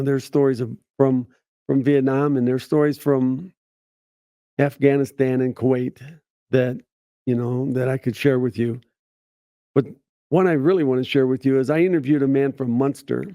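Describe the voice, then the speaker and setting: Gravelly, dark-voiced storytelling man. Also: mid-range voice, no room sound, clean studio sound. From United States. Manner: halting, many restarts and repeated words; acts out quoted voices in his stories. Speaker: veterans advocate. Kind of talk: personal storytelling.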